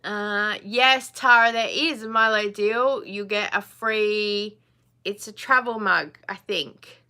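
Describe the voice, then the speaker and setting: Woman in her forties, casual live chat host, bright clear tone, blunt and chatty. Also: medium pitch, slow pace. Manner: chatty, laughs often, blunt.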